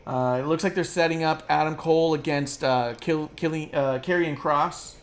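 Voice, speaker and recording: A podcast co-host in casual chat, rambling and swearing freely, with plenty of fillers and quick mocking asides. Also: medium pitch, fairly even intonation. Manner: rambling, profane, filler-heavy; drops into quick mocking impressions.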